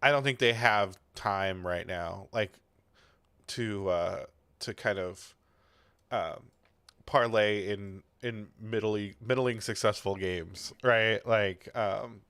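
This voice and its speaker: Gravelly low-voiced man, dry close sound. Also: fairly bright tone, no room sound. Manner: halting, hedging, many ums. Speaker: podcast co-host. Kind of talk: casual chat.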